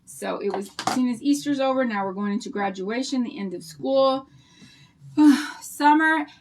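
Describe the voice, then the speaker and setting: A woman's voice: fairly high pitch, moderate pace, a little hiss or hum. Bubbly older woman chatting to viewers. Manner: bubbly, rambling, warm storytelling to viewers. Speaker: craft livestream host. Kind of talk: chatty livestream talk to viewers.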